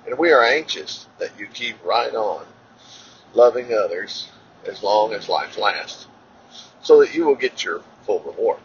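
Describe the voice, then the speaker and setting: A man reads scripture aloud at a steady, somewhat halting pace. He stumbles into fillers and corrects himself as he goes. His voice sits a little low and comes through a dull, lo-fi recording with a faint hiss behind it. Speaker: Bible reader.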